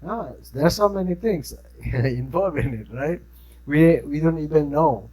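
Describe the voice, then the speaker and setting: Slow-talking Filipino man teaching a class. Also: fairly high pitch, expressive, darkish tone, poor audio. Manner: conversational, keeps checking in with "right?". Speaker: instructor. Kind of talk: classroom lecture.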